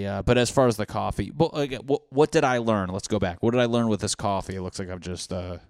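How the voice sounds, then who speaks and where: Low-voiced man rambling and self-mocking. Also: clean tone, no echo, studio quality. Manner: rambling, self-mocking, swears freely, laughs at own jokes. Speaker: podcast host. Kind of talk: casual comedic monologue.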